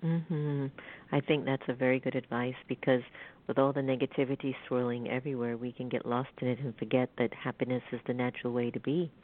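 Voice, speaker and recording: A woman's voice: very deep voice, fairly even intonation, fairly quick. A woman hosting an interview, chatting casually and prompting her guest with questions. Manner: conversational, prompting with questions and fillers. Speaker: host. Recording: tinny phone line.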